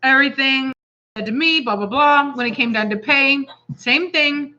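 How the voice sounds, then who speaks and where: A woman with a Texan accent, a dog breeder co-hosting a casual chat, telling a rambling, animated story full of quoted asides. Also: sits high, normal speed, dull audio.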